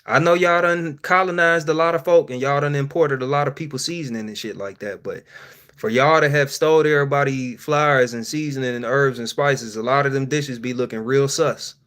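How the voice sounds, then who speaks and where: A man's voice: medium pitch, fairly quick. Profane joking man hosting a live-stream. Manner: profane, joking, laughs often, animated swings in loudness. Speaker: streamer host.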